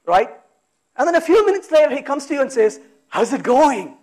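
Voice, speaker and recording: A man giving a technical talk at a conference, talking in a lively way, firing off rhetorical questions and acting out exasperated asides. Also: extremely high pitch, quick pace. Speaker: conference speaker. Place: conference hall.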